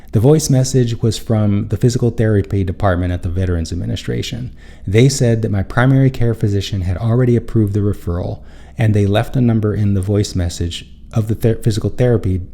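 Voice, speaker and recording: A man's voice: lowish voice, dark tone. A man hosting a spiritual self-help show, telling a personal story in an earnest, rambling way and often correcting himself mid-sentence.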